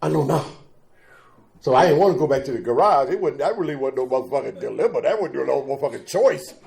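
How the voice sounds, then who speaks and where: A man's voice: medium pitch, expressive, fast, gravelly, a little mellow. A middle-aged man giving a raw, profane recovery testimony as guest speaker, telling his story and calling out to the crowd.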